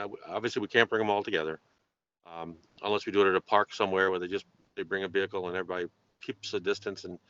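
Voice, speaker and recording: A man in a conference-call meeting who talks haltingly, with many fillers and restarts, and jokes drily. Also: low voice, a bit bright, no room sound. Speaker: EMS council member. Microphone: remote call. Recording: muffled lo-fi call audio.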